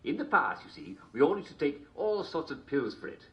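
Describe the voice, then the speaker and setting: An actor playing a cheery, smooth TV host in a video game broadcast, with an upbeat announcer delivery. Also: male voice, fairly high pitch, very animated, brisk, a bit bright, muffled recording. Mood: chipper. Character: cheery smooth male TV host of a dystopian show.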